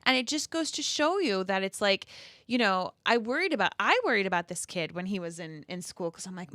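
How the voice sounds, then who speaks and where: A woman's voice: medium pitch, expressive, brisk, a bit bright, no echo, studio quality. Chatty woman co-hosting a podcast. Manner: chatty, filler-heavy storytelling. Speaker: podcast co-host, former teacher. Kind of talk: casual chat.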